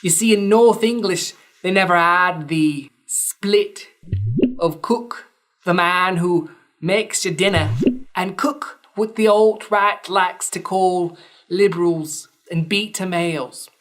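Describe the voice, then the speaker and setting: A woman's voice: on the low side, slow pace. A woman podcast host giving a scripted explainer lesson, with dry, wry asides between points.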